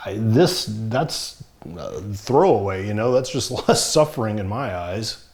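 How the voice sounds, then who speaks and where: A man's voice: on the low side, expressive, unhurried, a little mellow. A middle-aged man talking frankly and plainly to the camera, wry at times, somewhat short of breath. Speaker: vlogger. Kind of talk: casual talk to camera.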